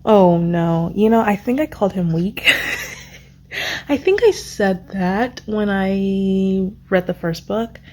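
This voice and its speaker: A young woman vlogging about a book she just read, rambling and excitable, stopping to search for words. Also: mid-range voice, slow pace. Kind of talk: casual reading vlog recap.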